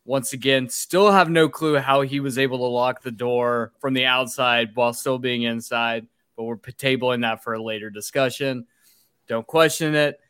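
A man's voice: medium pitch, steady tone, moderate pace, fairly bright tone, clear, resonant tone, no echo, clean studio sound. A man co-hosting a podcast, recapping a film plot with wry, sarcastic asides. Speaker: podcast co-host. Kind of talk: casual chat recapping a film.

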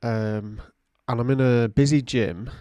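A young man, co-hosting a podcast in relaxed chat. His pitch sits in the middle, and he acts out the lines he quotes as he tells a story. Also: unhurried, no room sound. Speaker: podcast co-host. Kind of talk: casual chat.

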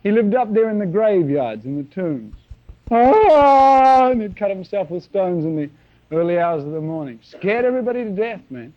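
A man preaching a sermon, telling stories in an animated way with acted-out sounds. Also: sits high, a little fast, muffled recording. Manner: animated storytelling with shouted sound effects.

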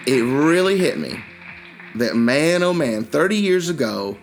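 A man's voice: on the high side, big pitch swings, unhurried, faint music behind. A man in his forties co-hosting a podcast with jokey, playful, nostalgic casual chat. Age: 40s. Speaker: podcast co-host.

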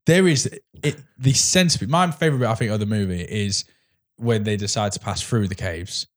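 An enthusiastic young man in casual podcast chat. His voice sits a little low. He rambles happily and drops in "mate" often. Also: brisk. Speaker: podcast co-host.

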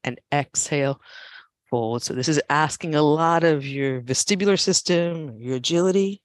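A yoga instructor calling out a class with casual, joking asides and an occasional swear, often dropping to hushed, near-whispered breath cues. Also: mid-range voice, normal speed, no room sound.

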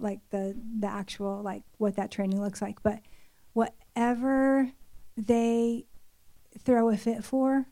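A woman's voice: fairly high pitch, warm tone. An older woman giving a sermon-style testimony, earnest and confessional, telling a family story in a casual way with many fillers. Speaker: church speaker.

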